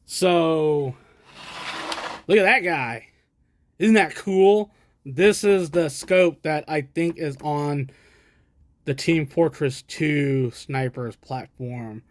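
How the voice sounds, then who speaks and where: A man's voice: a little high, drawn-out words, long pauses, slight background noise. An American man from the States rambling casually as he shows off his vintage equipment, with chatty self-deprecating asides. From United States. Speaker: collector showing vintage gear. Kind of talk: casual show-and-tell. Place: indoors, at a camera stand.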